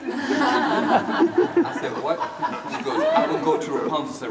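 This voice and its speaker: A man's voice: a little high, normal speed, a loud crowd. Older man telling a story in an echoey hall. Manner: lively, acts out quoted voices, laughs often. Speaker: dance teacher telling a story. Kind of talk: storytelling talk to an audience. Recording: echoey hall from far off with noise.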